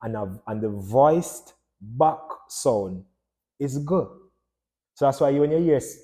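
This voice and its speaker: A man's voice: mid-range voice, animated, a little slow, dark tone. A man giving a casual lesson on phonology, asking his listeners questions and answering them himself. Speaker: language teacher.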